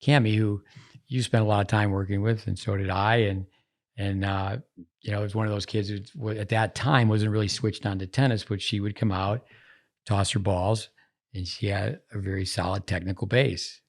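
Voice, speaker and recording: A man with a low, gravelly voice talks casually on a podcast as host. He rambles from story to story in an easygoing, digressive way. His tone stays conversational rather than polished. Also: fairly even intonation, normal speed.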